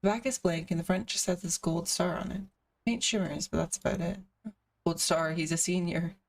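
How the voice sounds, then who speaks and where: A woman's voice: on the low side, fairly even intonation, normal speed, vocal fry, far from the mic. A woman streamer reading a visual novel aloud, with casual asides between the narration.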